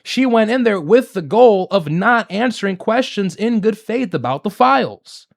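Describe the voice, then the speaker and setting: A man's voice: high voice, expressive, normal speed, creaky. Guy ranting on his show, fired up, asks question after question, voice jumps all over. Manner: indignant, emphatic, repetitive rhetorical questions. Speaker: political commentary host. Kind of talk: solo political commentary.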